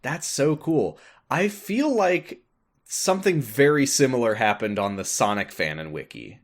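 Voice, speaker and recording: A man's voice: mid-range voice, very animated, measured pace. A man co-hosting a podcast, talking casually and rambling with lots of fillers and laughs. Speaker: podcast co-host. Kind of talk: casual chat.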